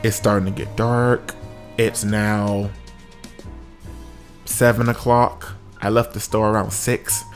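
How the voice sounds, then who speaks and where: A man telling a comic story from his own life, with sudden high-pitched exclamations. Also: little pitch movement, slow, long pauses. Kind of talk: comedic story time. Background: faint music.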